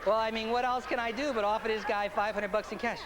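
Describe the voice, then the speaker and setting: A man performing as a stage hypnotist, moving from upbeat showman banter to slow, soothing hypnotic suggestions on stage. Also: high voice, steady tone, very noisy. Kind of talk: live hypnosis stage show. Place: stage before a live audience. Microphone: handheld microphone. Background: audience laughter and applause.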